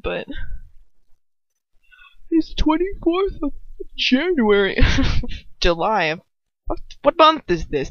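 A woman's voice: lowish voice, a bit bright, no room sound, dull audio. Giggly young woman rambling. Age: young adult. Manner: chatty, giggly, swears, trails off and restarts. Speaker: fanfiction reader. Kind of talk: casual rambling aside during a reading.

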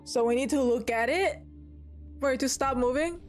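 A young woman streaming a video game, chatting casually and often yelling and laughing at what happens on screen. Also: high-pitched, moderate pace. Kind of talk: casual gameplay commentary. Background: game music.

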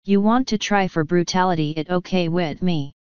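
A woman's voice: on the low side, normal speed, a little mellow, smooth, no room sound, lo-fi sound, lightly acted. A woman voicing a dim but menacing male troll police sergeant who growls in broken grammar. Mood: shouting.

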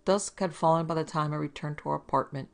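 A woman's voice: sits low, quick pace, creaky. A woman narrating a hard-boiled detective story in a dramatic storytelling manner. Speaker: narrator and producer. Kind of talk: scripted audiobook narration.

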